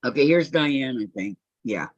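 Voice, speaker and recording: A woman's voice: extremely low pitch, lively intonation, moderate pace, dry recording. A woman hosting a casual quilting live stream, chatting, laughing and reading viewer comments aloud. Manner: chatty, laughs often, reads chat aloud. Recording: muffled lo-fi dry audio.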